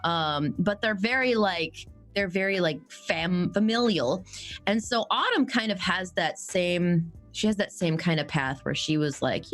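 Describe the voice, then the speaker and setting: A young-sounding woman talking loosely in a live Q&A, her voice middling to slightly low for a woman. She rambles cheerfully, swears often and strings thoughts together with plenty of fillers. Faint music sits underneath. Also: unhurried. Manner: rambling, animated, swears freely, lots of fillers. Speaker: actual-play podcast cast member. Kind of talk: casual live Q&A chat.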